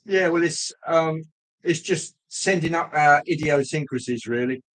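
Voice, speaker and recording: Man, casual livestream chat, rambling and jokey, higher-pitched voice. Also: a bit bright, rough recording. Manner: rambling, jokey, pauses with ums. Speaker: livestream host.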